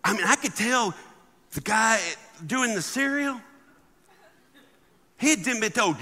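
A man giving a humorous sermon as a guest speaker, animated and acting out the people in his stories. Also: high-pitched, unhurried, long pauses, a little hiss or hum. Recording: long hall reverb.

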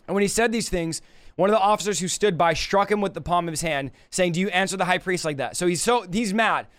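A man giving a casual verse-by-verse Bible teaching, paraphrasing in colloquial, animated talk. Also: high-pitched, fast talker. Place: livestream.

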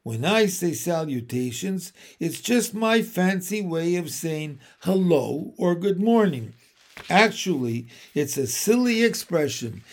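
Man doing a kindly lady spider from a storybook, refined, gentle, composed, gravelly. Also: fairly high pitch, heavily acted. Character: kindly refined female spider, wise and calm.

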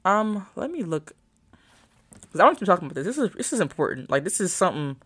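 Her voice is low and a little breathy, with big pitch swings and a quick pace, as this young adult college student rambles in a casual vlog. She thinks aloud to her viewers while searching her phone.

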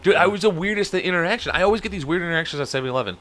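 A man's voice: high voice, lively intonation, very fast, sharp tone. A young man casually telling a long story, rambling and profane, acting out the people he quotes. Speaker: podcast co-host.

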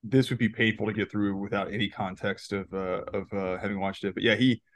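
A man's voice: lowish voice, fairly even intonation, fairly quick, no echo. A man co-hosting a podcast, rambling through a movie recap in casual chat, laughing often and restarting his sentences. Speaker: podcast co-host.

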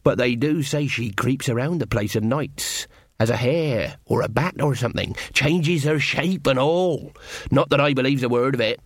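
A man's voice: mid-range voice, moderate pace, no room sound, studio quality, natural voice. A man voicing Thatcher, a nervous, superstitious villager who passes on rumours in a conspiratorial way. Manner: conspiratorial, dropping voice.

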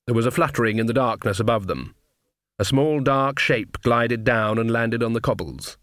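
A man narrating a comic fantasy audiobook in measured scripted narration. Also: medium pitch, a bit bright, no echo, clean studio sound.

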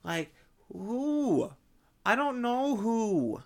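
A man rambling in a casual vlog monologue, swearing and cutting himself off, in an unusually high, strained voice. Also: big pitch swings, drawn-out words, a little mellow. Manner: rambling, swearing, self-interrupting. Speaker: vlogger.

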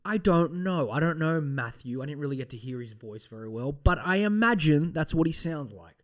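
A man hosts a loose solo podcast with a slightly high voice. He rambles, swears freely and throws in mock threats. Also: lively intonation, a little fast. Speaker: podcast host.

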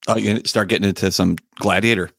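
A man co-hosting a casual podcast chat who laughs often and fires off quick agreeing replies. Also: sits low, fairly even intonation, creaky, fairly bright tone, dry recording, clean studio sound. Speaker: podcast co-host.

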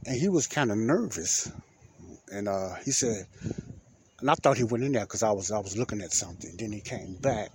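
A man with a fairly low voice talks through a story in a loose, rambling way, repeating himself and circling back. It sounds like a podcast host chatting off the cuff. A clear hiss of noise runs under the whole recording. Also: lively intonation, moderate pace. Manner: rambling, repeats himself, keeps saying "well, anyway". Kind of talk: casual storytelling monologue.

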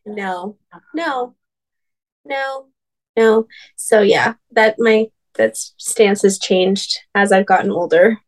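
A woman co-hosting a podcast in casual chat, drawn-out and swearing offhandedly. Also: medium pitch, rough recording. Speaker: podcast co-host.

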